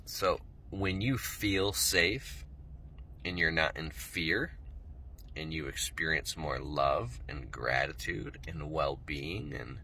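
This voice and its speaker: A middle-aged man talking slowly and softly to his viewers about spirituality, meandering and yawning as he goes. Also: rumbling low, vocal fry, a little hiss or hum. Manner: slow, soft, meandering, pauses often. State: yawning, tired. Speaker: spiritual vlogger. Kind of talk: casual spoken talk to camera.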